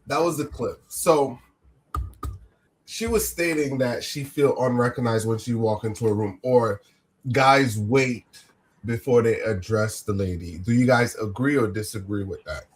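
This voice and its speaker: A man's voice: medium pitch, a little slow. A man moderating a casual panel debate, summarizing the clip and prompting the others.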